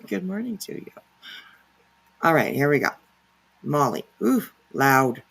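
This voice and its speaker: A woman's voice: medium pitch, gravelly, a bit bright, breathy edge. A woman hosting a casual reaction livestream, rambling and sarcastic with lots of fillers and swearing. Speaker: livestream commentary host.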